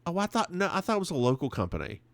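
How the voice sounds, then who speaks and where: A man's voice: on the high side, big pitch swings, rapid-fire, vocal fry, no room sound. Sassy man co-hosting a podcast. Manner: sassy, campy banter. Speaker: podcast co-host. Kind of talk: casual chat recapping a TV episode.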